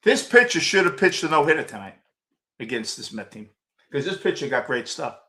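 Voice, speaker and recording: Loud, swearing New York man in his sixties. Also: on the high side, very animated, brisk. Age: 60s. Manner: blunt, loud and swearing, often shouting. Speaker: host of a fan postgame show. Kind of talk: profane postgame rant answering viewer chat.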